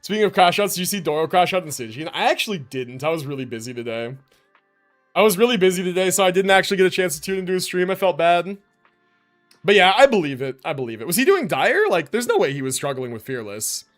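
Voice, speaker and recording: Young male streamer, high lively voice, hype and quick to laugh, faint game music behind. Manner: excitable, hype, laughs a lot, swears casually. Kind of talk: casual livestream commentary.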